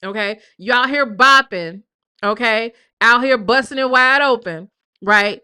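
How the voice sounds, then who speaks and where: A woman hosting a casual gossip live stream, reading messages aloud and mocking them. Her voice sits a little high and rings bright and forceful. She talks with a sassy, teasing edge. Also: a little slow, clear, resonant tone. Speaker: commentary streamer.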